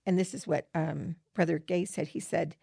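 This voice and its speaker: A woman's voice: lowish voice, fairly even intonation, normal speed, creaky, warm tone, husky, no room sound, clean studio sound. A middle-aged woman co-hosting a scripture study podcast, talking earnestly and reading verses aloud. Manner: earnest and enthusiastic, with frequent fillers.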